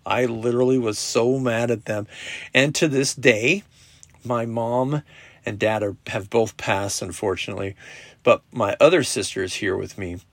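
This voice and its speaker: A middle-aged man hosting a podcast, telling a personal story in a casual, profane, animated way with lots of quoted dialogue. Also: medium pitch, moderate pace, vocal fry, no room sound. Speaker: podcast host. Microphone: podcast app recording.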